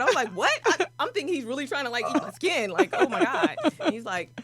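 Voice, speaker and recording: A woman guest in a casual interview, telling stories and acting out the people in them with lively energy. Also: high voice, brisk, a crowd in the background. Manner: animated, acts out voices in her stories. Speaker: guest, prison doctor.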